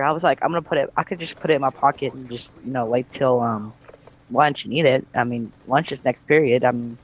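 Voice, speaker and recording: A man's voice: mid-range voice, a little fast, husky, low-quality recording. Give me a teenage guy casually narrating a story while co-commentating a game video. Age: teens. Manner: rambling, many um fillers and restarts. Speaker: network founder co-commentating gameplay.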